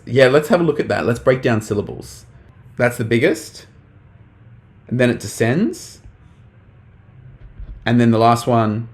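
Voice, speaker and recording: A young man teaching a live online English lesson, talking casually to the chat with lots of fillers. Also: mid-range voice.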